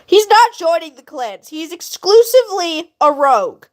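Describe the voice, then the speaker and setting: A woman chatting casually on a livestream, animated and quick to laugh, with a laugh that sounds like crying. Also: very high-pitched. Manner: animated, laughs a lot, bursts into shouting. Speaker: livestream host.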